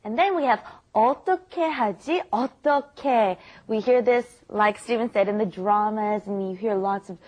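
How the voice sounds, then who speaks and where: A woman's voice: mid-range voice, fairly quick, a little mellow. A woman hosting a casual language lesson, explaining expressions in a friendly way and laughing often. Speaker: language teacher host.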